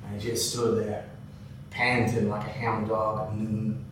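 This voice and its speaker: An actor playing an older, bigoted night-shift cook who tells a rambling, folksy story in a drawl, captured on an echoey stage from afar. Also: male voice, on the low side, monotone, unhurried, far from the mic, a little hiss or hum, natural voice. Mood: heated. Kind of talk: theatrical monologue.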